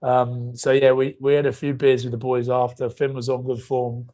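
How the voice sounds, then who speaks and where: A man's voice: mid-range voice, little pitch movement, moderate pace, dark tone. A man in his thirties, a podcast co-host, telling rambling comic stories in casual chat and swearing freely.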